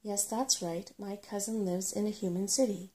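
A woman's voice: mid-range voice, fairly even intonation, moderate pace, dark tone, close to an everyday voice. A woman voicing an anxious, earnest female rat giving advice, in a whispered role-play. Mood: explaining. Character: fussy, worried female rat advising travellers.

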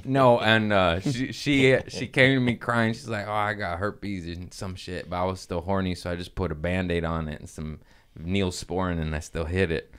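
A man's voice: low voice, moderate pace, clear, resonant tone. A comedian in his thirties, telling crude stories in casual podcast banter. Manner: animated, crude storytelling.

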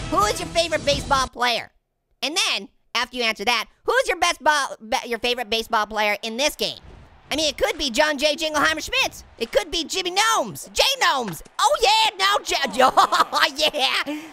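A man's voice: very animated, moderate pace, sharp tone, a little hiss or hum, full character voice. A man voicing a hyper, giggly male talking orange who cracks puns and taunts while commenting on gameplay. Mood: giddy. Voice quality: gravelly, high cartoon voice. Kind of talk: comedic let's-play commentary. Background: game music.

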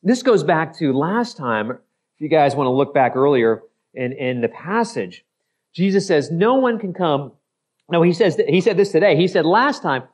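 A man's voice: fairly high pitch, big pitch swings, normal speed, breathy edge. A male pastor preaching an expository sermon, acting out skeptical voices and often repeating and correcting himself. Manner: repeats phrases, self-corrects mid-sentence.

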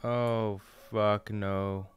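Male horror gamer, slow-talking, jumpy, swears a lot. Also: on the low side, level tone, faint music behind. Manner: jumpy, swears a lot, yelps when startled. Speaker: gaming channel host. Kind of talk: horror game commentary. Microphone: desk mic.

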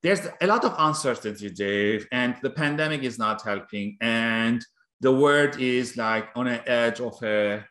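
A man hosting an interview, asking questions and warmly affirming his guest with short replies. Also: mid-range voice, unhurried, roomy sound. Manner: warm, affirming, many short yeahs. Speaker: host. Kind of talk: interview conversation.

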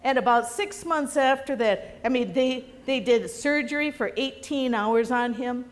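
A woman's voice: sits high, unhurried, big-room sound. A woman pastor preaching a sermon in a church, telling stories earnestly. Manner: earnest storytelling. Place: church sanctuary.

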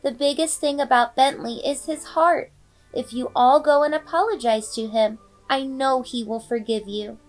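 A woman's voice: high-pitched, steady tone, normal speed, soft background music, lightly acted. A woman voicing a magical female dog with a magic tail who scolds and reassures the other dogs. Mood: gentle.

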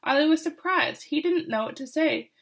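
A woman reading a picture book aloud to children, expressive and with asides to her listeners. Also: high-pitched, moderate pace, creaky. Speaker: storyteller.

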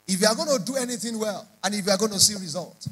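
Guy preaching, high voice, repeats stuff over and over, pushy sermon. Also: quick pace, fairly bright tone, breathy edge, poor audio. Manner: emphatic preacher, repeats lines in rising prayer chants. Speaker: pastor.

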